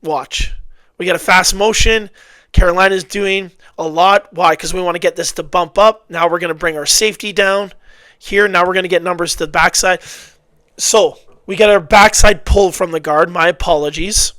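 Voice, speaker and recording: Man, football film breakdown, high voice, dry close sound, blunt, exasperated. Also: normal speed, no echo. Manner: blunt, animated, exasperated outbursts with self-corrections. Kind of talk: casual film breakdown commentary.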